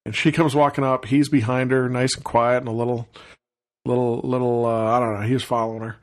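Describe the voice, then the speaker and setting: A man hosting a podcast, telling a casual anecdote in an animated way, acting out the people he quotes and chuckling often. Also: medium pitch, a little fast. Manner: chuckles often while talking. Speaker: podcast host.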